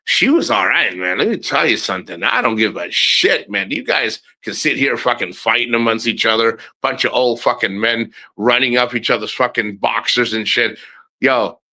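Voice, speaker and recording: A man's voice: mid-range voice, animated, moderate pace, pushed and bright, low-quality recording. A middle-aged man rambling casually in a travel vlog, blunt and profane, laughing often. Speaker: travel vlogger.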